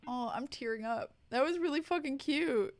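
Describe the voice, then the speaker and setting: Reading aloud to her chat with drama before shifting to casual talk, a young adult woman streamer gushes and swears without restraint. She has a high voice at a normal speed. The recording is low quality with no echo, and music plays in the background.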